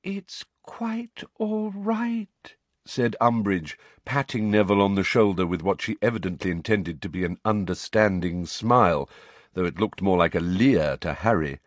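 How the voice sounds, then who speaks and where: A man narrating a novel with expressive, dramatic delivery. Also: low-pitched, normal speed, no room sound. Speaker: audiobook narrator.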